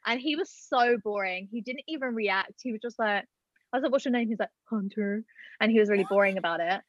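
Speaking briskly in a mid-range voice, a young woman from Britain guests on a podcast and recounts a story in relaxed conversation. She's chatty and loads her speech with "like" and "um," captured in a dull, dry, lo-fi recording.

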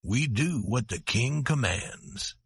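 A man voicing a rancher husband who is sorry for his mistake, in a slow read-aloud story. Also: mid-range voice, animated, husky, no echo, clean studio sound, voice pushed down, exaggerated voice. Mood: gentle. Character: remorseful rancher husband, low and humble.

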